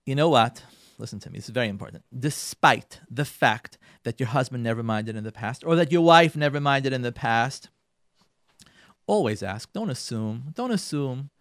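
A male radio host gives marriage advice, speaking at a medium pitch and moderate pace with a fairly bright tone. He's emphatic and instructive, addressing listeners directly, often acting out what spouses say and repeating words for emphasis. The recording is dry, with clean studio sound.

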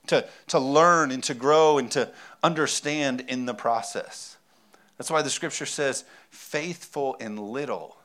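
A middle-aged man preaching a sermon, lively and conversational, with joking asides to the congregation. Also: medium pitch. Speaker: pastor.

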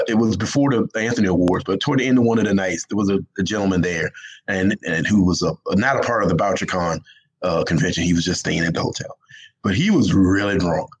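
A man's voice: low voice, fast, husky, poor audio. A man with a Southern US accent, a guest writer telling a rambling story on a casual interview, laughing often and restarting his sentences.

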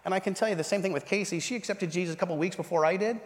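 A man in his thirties giving a sermon testimony, telling the story with animated storytelling and acting out the voices of the people in it. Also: sits high, very fast. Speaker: pastor. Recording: reverberant hall.

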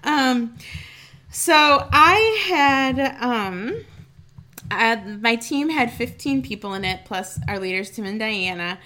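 Chatty woman with a bright, fairly high voice. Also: lively intonation, takes it slowly. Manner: chatty, laughing, with fillers. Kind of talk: casual chat.

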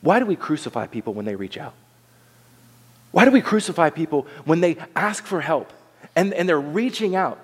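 A man preaching a sermon, animated, acting out the voices of the people in the story. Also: on the high side, moderate pace, slightly rough, in a large hall. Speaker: pastor.

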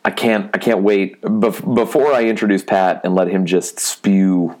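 A man hosting a casual podcast, upbeat and rambling in quick bursts. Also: deep voice, steady tone, a little mellow. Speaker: podcast host.

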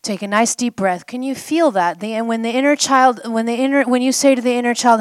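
A woman's voice: a little high, fairly quick, hardly any pauses, clean tone, no echo. A woman healing coach guiding a participant through an exercise at a live event, coaxing and repeating phrases for the listener to say back. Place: live event before a group.

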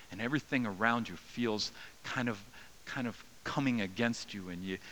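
A man preaching a sermon as a pastor, earnest and dynamic, rising to raised cries and dropping to soft, slow passages. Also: on the low side, slight background noise, poor audio.

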